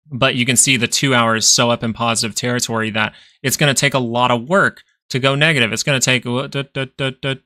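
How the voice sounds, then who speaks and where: A man's voice: mid-range voice, vocal fry, bright, forceful tone, dry recording. A man hosting a live stock market stream, chatting casually as he walks through charts, thinking aloud and repeating phrases for emphasis. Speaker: stock market livestream host.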